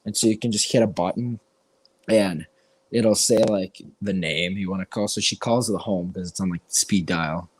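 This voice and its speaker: A man's voice: deep voice, normal speed, no echo. A young man co-hosting a casual podcast, telling a story with lots of energy and swearing freely. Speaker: co-host.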